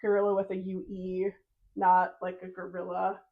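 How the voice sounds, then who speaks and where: A woman's voice: fairly low pitch, monotone, normal speed, narrow, tinny audio, crowd noise. A young adult woman co-hosting a crafting podcast, chatting casually, giggling and trailing off mid-sentence. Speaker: podcast co-host. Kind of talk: casual chat.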